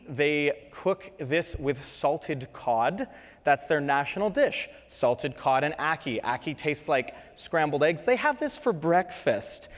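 A Canadian man delivers a relaxed, humorous lecture to dental students, full of chatty asides. His voice sits a touch high for a man. It rings out with long reverb, as in a lecture hall. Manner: chatty and joking, animated asides. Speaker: dentist giving a presentation.

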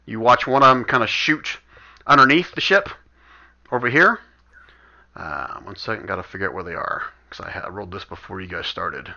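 A man's voice: fairly low pitch, brisk, bright, forceful tone. A man running a tabletop game as game master, talking casually and thinking aloud as he moves pieces on the map. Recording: dull lo-fi voice chat audio.

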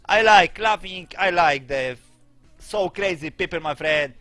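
A young man with a Polish accent, a streamer chatting casually in broken English, forever tagging his lines with "my friend" and swinging between mumbled asides and loud outbursts. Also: high-pitched, a little slow, no echo, soft background music.

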